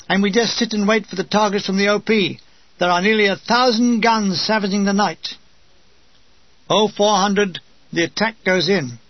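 A man's voice: sits high, dry recording. Wry British man reading a war memoir. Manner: wry, dry comic. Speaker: memoir narrator. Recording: dull, dry lo-fi recording.

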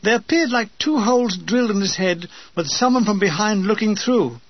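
A man's voice: high voice, expressive, moderate pace, husky, highs cut off. An older man reading his humorous wartime memoir aloud with a dry comic delivery, briefly mimicking his comrades.

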